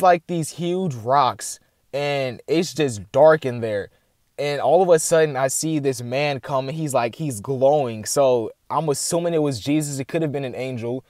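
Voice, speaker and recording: A young man chatting casually to camera and recounting a dream, rambling with lots of filler words and animated bursts. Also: mid-range voice, no room sound, clean studio sound. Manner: rambling, heavy "like" filler, addresses "guys"; excited and animated retelling. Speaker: vlogger sharing a dream.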